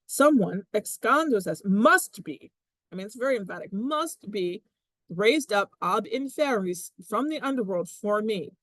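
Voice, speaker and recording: A woman teaching a Latin text in a chatty, animated way, with frequent laughs. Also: medium pitch, unhurried, no room sound. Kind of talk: casual classroom explanation.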